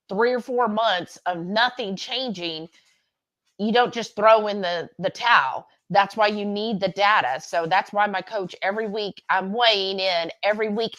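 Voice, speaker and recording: A woman's voice: medium pitch, a bit bright. Candid chatty woman. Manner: rambling, candid, self-correcting. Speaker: livestream co-host. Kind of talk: casual chat.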